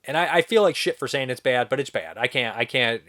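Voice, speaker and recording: A man's voice: medium pitch, animated, a little fast, bright, forceful tone. A young man giving a casual spoken film review, rambling and incredulous, swearing now and then. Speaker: movie reviewer.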